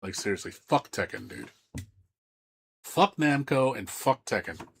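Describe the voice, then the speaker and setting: A man's voice: mid-range voice, lively intonation, a little slow, creaky, slight background noise. A man streaming games, ranting in a heated, profane way with lots of stammering restarts. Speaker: game streamer. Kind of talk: live-stream rant.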